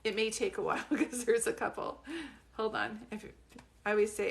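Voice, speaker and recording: A chatty, giggly woman gives psychic readings on a live stream. She talks straight to her viewers, loose and conversational, and her voice sits at an ordinary middle pitch. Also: fairly even intonation, moderate pace, creaky, a little hiss or hum. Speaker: psychic medium.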